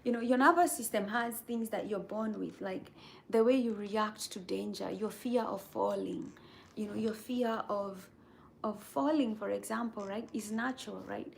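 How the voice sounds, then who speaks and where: Woman channel host, casual motivational chat; vocal fry, faint background hiss, keeps checking in with "right?", drifts into a breathy near-whisper. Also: medium pitch, moderate pace. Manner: earnest, repeats "right?" and "okay?" to check in with viewers. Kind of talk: casual motivational chat while reading viewer comments.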